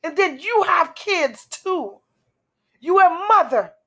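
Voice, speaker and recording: A woman giving an emotional personal testimony, halting and repetitive, speaking earnestly. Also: very high-pitched, expressive, pushed and bright. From outside America.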